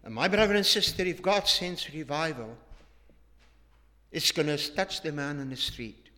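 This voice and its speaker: A man preaching a sermon, telling a story earnestly with emphatic rises and hushed drops, often restarting his phrases. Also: a little high, expressive, moderate pace. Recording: long hall reverb.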